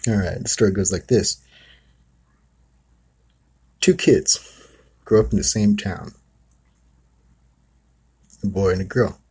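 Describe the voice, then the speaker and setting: Slow and given to frequent pauses, this man's voice is on the low side, darkish, with a breathy edge. As host of a spiritual talk, he wanders through a story in a relaxed way, filling it with "you know" and "okay."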